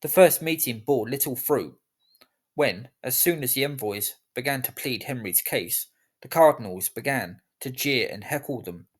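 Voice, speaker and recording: Man narrating history, measured and even. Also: mid-range voice. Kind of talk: scripted narration.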